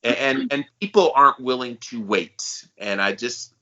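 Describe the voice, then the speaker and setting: A man's voice: mid-range voice, moderate pace, sharp tone. A man co-hosting a podcast in casual chat, talking with eager, hyped-up enthusiasm. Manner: enthusiastic, self-described hype guy. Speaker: podcast co-host. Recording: slightly dull, lo-fi sound.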